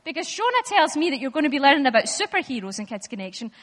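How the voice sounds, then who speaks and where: Bright, high woman leading a children's Bible talk. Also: fast. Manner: lively, playful, addresses the children directly. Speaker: children's talk leader in church. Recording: echoey hall.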